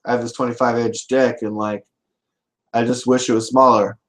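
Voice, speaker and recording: A man's voice: medium pitch, little pitch movement, normal speed, natural voice. A man voicing a frustrated young man who earnestly pleads about his problem. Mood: pleading.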